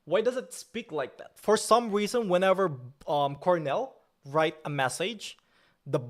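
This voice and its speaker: A man's voice: high-pitched, unhurried. A man hosting a livestream, talking casually, irritable at first, then joking as he answers viewer chat. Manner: irritable, then forces himself calm and joking. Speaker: livestream host.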